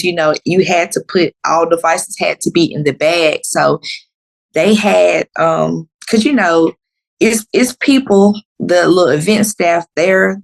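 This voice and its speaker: A woman in her thirties tells her story on a podcast, casual and blunt. Her voice sits low and has a gravelly, fried edge, and when she quotes people her pitch leaps up. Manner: animated, acts out quotes with sharp pitch jumps; blunt, unfiltered. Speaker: podcast guest.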